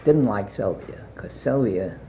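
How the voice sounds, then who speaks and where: An older man being interviewed, telling a long personal anecdote in a rambling way with many pauses and fillers. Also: lowish voice, lively intonation, mellow, a little hiss or hum. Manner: rambling anecdotal, frequent "uh" and asides. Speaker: interviewee recalling his past. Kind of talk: oral history storytelling. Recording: muffled archival tape.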